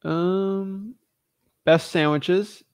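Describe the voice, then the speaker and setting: Drawing out his words in a high-pitched voice, a male real estate wholesaler casually vlogs as he browses listings, joking, animated, and talking to himself. The recording is dry and studio quality.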